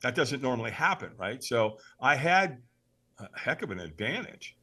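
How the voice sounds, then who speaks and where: Animated, bright-voiced storytelling man. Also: medium pitch, normal speed. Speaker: podcast guest. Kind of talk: storytelling in an interview.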